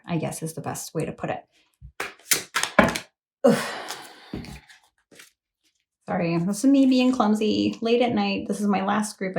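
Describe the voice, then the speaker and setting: Lower-voiced woman doing a late night tarot reading on her phone at home, rambly and chatty, laughs a lot, bit of faint hiss. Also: darkish tone. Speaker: tarot reader. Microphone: phone camera.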